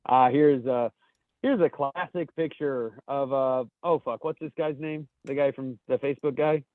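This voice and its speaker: A man's voice: mid-range voice, steady tone, moderate pace, dry recording. A man co-hosting a podcast, reading memes aloud in casual chat, loose and swearing, laughing at his own jokes. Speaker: podcast co-host. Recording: dry, tinny phone-like audio over a call.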